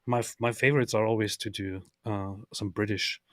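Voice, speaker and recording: A man's voice: fairly low pitch, steady tone, moderate pace, fairly bright tone, no echo, clean studio sound. A man co-hosting a casual livestream with a laid-back, joking manner. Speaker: co-host.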